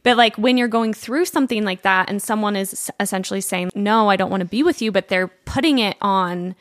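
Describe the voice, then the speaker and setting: A woman hosting a podcast, asking gentle questions and reflecting back in an affirming way. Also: medium pitch, brisk, no echo, clean studio sound. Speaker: podcast host. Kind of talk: empathetic interviewing.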